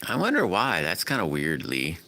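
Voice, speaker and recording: A man's voice: sits low, wildly swooping pitch, normal speed, pushed and bright, slight background noise. A man hosting a casual livestream, chatting with viewers in a folksy, rambling way from his home workshop. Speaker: livestream host. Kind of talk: casual live-stream chat, answering comments.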